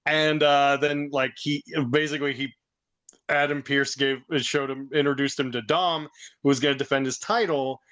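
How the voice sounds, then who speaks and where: A man co-hosting a podcast, telling a story in a casual, excitable way and laughing often. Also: mid-range voice, normal speed. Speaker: podcast co-host. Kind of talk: casual chat.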